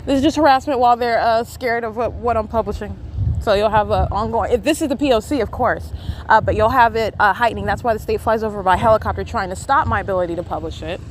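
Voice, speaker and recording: A woman talks quickly and insistently into a handheld phone while she sits in the shade beside a street. Her voice sits at a middle pitch, and she scatters filler sounds all through her speech. Faint traffic noise runs underneath. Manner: rapid, insistent talk with many filler sounds. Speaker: podcaster documenting in real time. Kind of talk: live self-recorded commentary. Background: passing traffic and plane engines.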